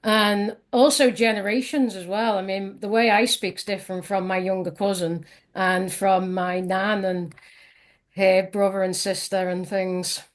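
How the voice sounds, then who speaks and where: A woman from Liverpool with a soft Scouse accent, chatting easily as an interview guest in a sing-songy way with plenty of fillers. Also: mid-range voice, steady tone, a little slow. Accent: soft south Liverpool Scouse. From Liverpool, England. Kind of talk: casual interview chat.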